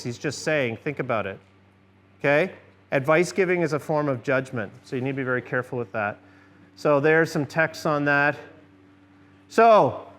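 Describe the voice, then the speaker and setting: A man's voice: high-pitched, a bit bright. A middle-aged man giving a conversational church workshop lecture, often asking the audience questions. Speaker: seminar presenter.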